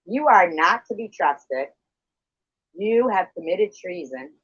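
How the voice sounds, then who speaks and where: A man's voice: high voice, expressive, slow, a bit bright, breathy edge, no room sound. Hostile profane man arguing. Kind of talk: heated livestream argument. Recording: dull lo-fi stream audio.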